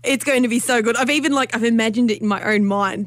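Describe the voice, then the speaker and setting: A woman's voice: a little high, fast talker, heavy background noise. A woman co-hosting a breakfast radio show, playing up a dramatic, sulky mood in a radio studio. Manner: dramatic, mock-sulky, theatrical. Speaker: radio co-host. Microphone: studio microphone.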